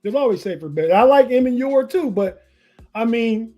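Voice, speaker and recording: A man with a high yet mellow voice talks through a live sports podcast, rambling and restarting his sentences. Faint music plays in the background. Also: lively intonation, moderate pace. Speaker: podcast co-host. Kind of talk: casual sports chat.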